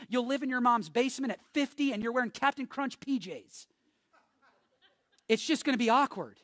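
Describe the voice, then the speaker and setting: A man's voice: extremely high pitch, normal speed, a bit bright, dry recording, studio quality. A man preaching a sermon as pastor, joking with the congregation and building to emphatic, repeated warnings. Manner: jokey, emphatic preaching with call-and-response.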